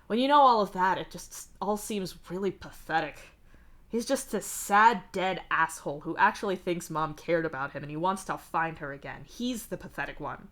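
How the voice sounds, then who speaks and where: On a streaming mic, a woman reads fanfic aloud for a livestream, voicing a blunt, foul-mouthed young man with a weary, deadpan edge. In a wry, lowish voice at normal speed, he candidly talks about his troubles.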